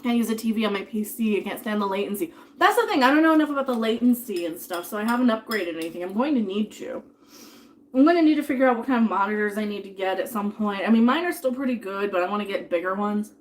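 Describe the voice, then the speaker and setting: A woman's voice: medium pitch, expressive, fast talker, a little hiss or hum. A woman in her thirties chatting casually on a live stream while she eats dinner, rambling, reading out viewer tips and thanking people, sometimes talking with food in her mouth.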